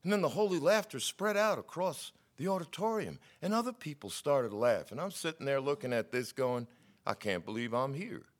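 A middle-aged man preaching a sermon, telling stories in a wry, skeptical, animated way. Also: fairly high pitch, a little fast, hardly any pauses.

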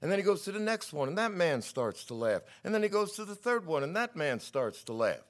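A middle-aged man preaching a sermon, telling stories in a wry, skeptical, animated way. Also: high voice, brisk.

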